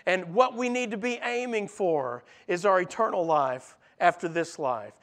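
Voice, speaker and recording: A man preaching a sermon, acting out the voices he quotes and dropping soft and low for emphasis. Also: lively intonation, a little slow. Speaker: pastor.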